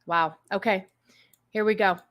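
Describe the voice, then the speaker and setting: A woman's voice: mid-range voice, fairly even intonation, a little slow, fairly bright tone. A woman hosting a stream, chatting casually and reacting bluntly with swearing and exclamations. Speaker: stream host. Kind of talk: casual chat reacting to a book summary.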